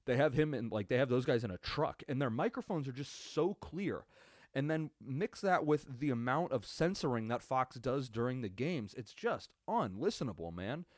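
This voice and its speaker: A man's voice: mid-range voice, expressive, normal speed, no echo, clean studio sound. A young man hosting a casual solo sports podcast, rambling and swearing with lots of fillers and restarts. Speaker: podcast host. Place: home setup at a computer. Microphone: computer webcam recording.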